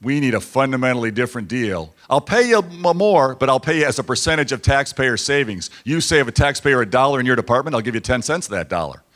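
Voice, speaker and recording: A man's voice: mid-range voice, lively intonation, fast talker, hardly any pauses, a bit bright. A man speaking as a governor at a political dinner, telling stories with quoted back-and-forth and repeating lines for emphasis. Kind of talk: campaign-style speech. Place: banquet hall at a dinner event.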